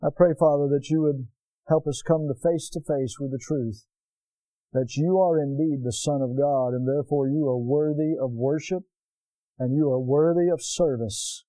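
Man, pastor, earnest sermon, call-and-response, fairly high mellow voice, dry close sound. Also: normal speed, dry recording, low-quality recording.

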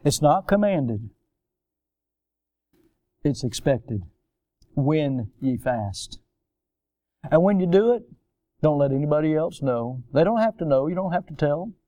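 Guy preaching, high voice, dry close mic, jumps loud then drops real low. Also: normal speed, long pauses, dry recording. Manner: animated, swings from loud high exclamations to low quiet remarks. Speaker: pastor. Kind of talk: sermon.

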